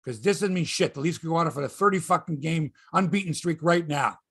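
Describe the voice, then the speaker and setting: Husky, ranting male sports host. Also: a little high, fairly quick, a bit bright, no room sound, clean studio sound. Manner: profane, ranting, repeats himself. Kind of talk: casual sports chat.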